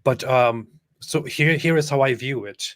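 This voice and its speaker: A man co-hosting a casual livestream, reading out viewer chats and talking in a hesitant, soft-spoken way with frequent chuckles. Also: mid-range voice, unhurried, no echo, studio quality.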